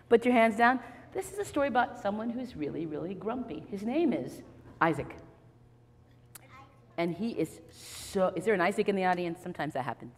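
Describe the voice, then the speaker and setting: A woman telling a children's story to a live audience, playful and animated, getting the kids to join in. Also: fairly low pitch, normal speed, in a large hall.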